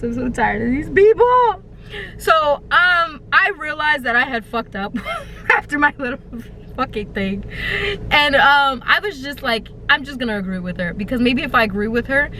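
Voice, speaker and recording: A young woman telling a storytime to her YouTube viewers, casual and profane, slipping into dramatic high-pitched wailing and mock sobbing. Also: sharp tone, a little hiss or hum. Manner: profane, slangy and conversational. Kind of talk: animated storytime vlog.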